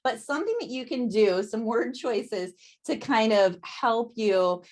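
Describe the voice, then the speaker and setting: Woman coaching her sales team on a video call, kinda high voice, laughs a lot, says right? constantly. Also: measured pace, a little mellow. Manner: chatty, laughs often, keeps asking "right?". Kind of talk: motivational training talk.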